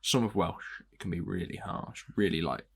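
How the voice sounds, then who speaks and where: A man's voice: deep voice, moderate pace, vocal fry, slightly rough. A young man hosting a podcast, chatting casually through a commentary track, laughing often and restarting his sentences. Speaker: podcast host.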